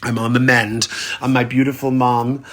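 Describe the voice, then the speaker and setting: A man's voice: medium pitch, flat delivery, moderate pace, a bit bright. A man hosting a theatre show, camp and effusive, calling listeners honey and darling, laughing often, in pain from an injured arm. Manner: laughs often mid-sentence. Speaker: host.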